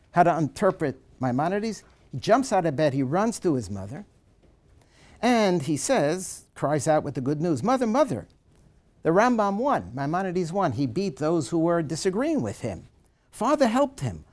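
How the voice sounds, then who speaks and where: In a seminar, a man with a slightly high voice lectures, reading a passage aloud dramatically and with animation before explaining it.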